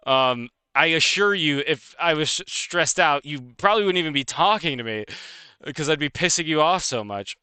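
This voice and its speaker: A man streaming live, ranting casually and fast with lots of swearing and laughter. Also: a little high, lively intonation, bright, forceful tone, smooth, no room sound. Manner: fast, profane, heated and laughing.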